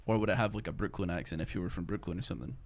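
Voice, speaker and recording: A young man streams from his bedroom, rambling, joking, and thinking aloud as he plays a game in casual commentary. His voice is low-pitched and he talks very fast.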